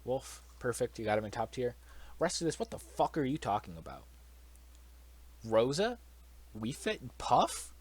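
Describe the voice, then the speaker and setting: A man's voice: medium pitch, big pitch swings, moderate pace, long pauses, slightly rough. A young man giving casual solo commentary, blunt and swearing freely, with incredulous outbursts.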